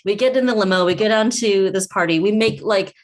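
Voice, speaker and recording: A woman's voice: medium pitch, a little fast. A woman guest from the food industry, telling a long anecdote in casual chat and acting out what other people said. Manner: lively anecdote teller who acts out others' voices.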